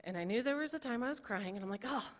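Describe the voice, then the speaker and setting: A woman's voice: on the high side, expressive, rapid-fire. Hesitant woman giving church testimony. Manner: hesitant, many fillers, self-deprecating. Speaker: church volunteer small group leader. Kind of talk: personal testimony to a congregation. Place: church sanctuary. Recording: reverberant church hall.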